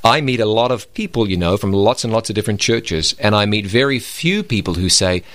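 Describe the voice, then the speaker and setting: Low-voiced man discussing faith. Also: expressive, brisk, a bit bright, no room sound. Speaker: radio Bible program co-host. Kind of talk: conversational Bible discussion.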